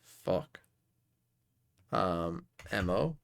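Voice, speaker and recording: This young man's voice is low, gravelly and expressive, and he drags out his words. He's streaming live, giving casual commentary as he plays quiz games, muttering and cursing at his geography guesses.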